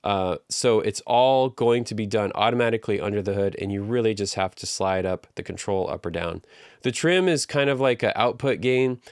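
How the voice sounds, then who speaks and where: Guy teaching audio stuff, chill and chatty, smooth clean voice, bone dry mic. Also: fairly low pitch, moderate pace, no echo. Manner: relaxed, conversational, walks through steps. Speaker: audio engineering instructor. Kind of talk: casual tutorial explanation. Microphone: studio microphone through live compression.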